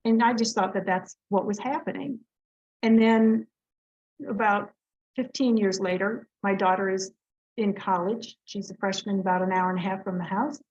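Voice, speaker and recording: A woman's voice: mid-range voice, fairly even intonation, darkish tone. A middle-aged woman and Reiki master telling stories as an interview guest, chatty and earnest with plenty of fillers. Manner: chatty, earnest, lots of fillers and quick laughs. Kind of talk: casual storytelling in an interview. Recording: slightly muffled, lo-fi audio.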